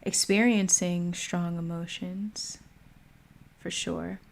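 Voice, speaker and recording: A woman hosting a livestream mindfulness talk, speaking calmly and pausing often. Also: lowish voice, vocal fry. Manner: slow, calm, pausing often. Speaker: meditation host. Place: home.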